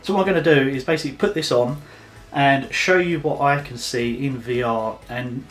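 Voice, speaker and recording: A chatty man walks through a casual tutorial, loose and unscripted, pausing on fillers as he goes. His pitch sits in an ordinary middle range. Soft music runs faintly behind him. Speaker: photography vlogger.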